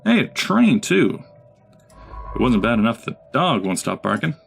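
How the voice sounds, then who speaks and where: A man's voice: medium pitch, very animated, a little slow, gravelly. A man giving casual gameplay commentary as a let's play host, chatting and talking to his units. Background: game music.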